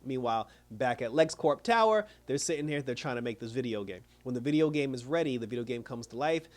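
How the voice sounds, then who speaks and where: A man's voice: mid-range voice, animated, quick pace. A man casually recapping and reviewing a TV episode, chatty and laughing often as he retells scenes. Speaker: TV show reviewer.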